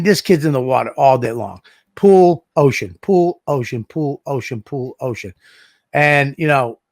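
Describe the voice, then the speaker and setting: A man co-hosts a casual podcast, spinning animated stories full of swearing and acted-out dialogue. His voice sits a little higher than most men's. The sound is close and dry, with no room echo. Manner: animated storyteller, swears a lot, acts out dialogue. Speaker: podcast co-host. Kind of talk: casual chat.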